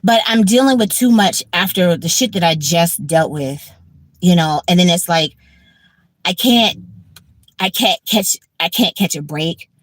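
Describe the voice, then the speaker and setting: A woman's voice: on the low side, lively intonation, a little slow, no room sound. Woman, fifties, tired, profane, repetitive, dry sound. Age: 50s. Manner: blunt, profane, repeats herself. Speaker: livestream host. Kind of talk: casual livestream chat.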